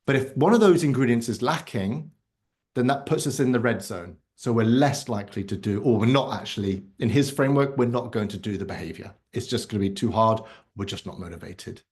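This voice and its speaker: A man's voice: fairly low pitch, fairly quick, darkish tone. Man teaching an online class. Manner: explanatory, conversational, says "right?" often. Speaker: workshop instructor. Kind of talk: live online masterclass teaching. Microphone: video call.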